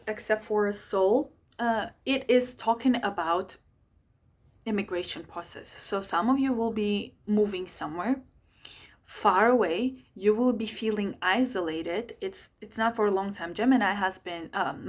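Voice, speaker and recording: A woman hosting an astrology channel, giving a casual forecast in with a rambling style full of self-corrections. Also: mid-range voice. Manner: chatty, rambling, frequent self-corrections and asides.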